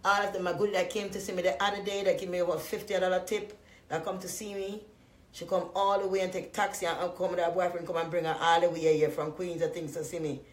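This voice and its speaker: A woman from Jamaica with a Jamaican accent, talking loudly and profanely to her live-stream viewers in a casual, rambling way, often breaking into laughter. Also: fairly low pitch, quick pace, reverberant. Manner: profane, loud and animated with frequent laughs.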